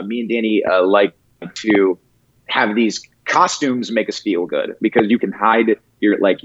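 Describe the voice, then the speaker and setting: Relaxed, halting man on a muffled line. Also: on the low side. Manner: halting, many restarts and fillers, laughs easily. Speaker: guest, prank video creator. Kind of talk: casual interview chat.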